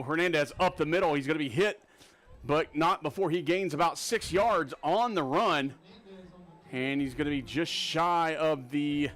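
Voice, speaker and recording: A man calling a live high school football game play by play, rapid and excitable on big plays, with a Texan accent. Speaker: play-by-play announcer.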